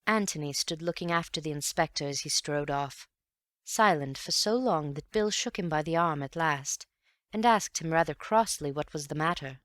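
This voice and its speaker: A woman narrates a classic novel in calm, even storytelling. Her voice sits low. The recording is dry, with no room sound. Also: moderate pace, no room sound. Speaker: audiobook narrator. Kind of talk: scripted audiobook narration.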